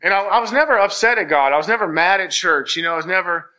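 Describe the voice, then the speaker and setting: A man's voice: high voice, fast, bright, forceful tone. A man giving a personal church testimony, telling his story in an earnest, rambling way with many restarts. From Virginia, US.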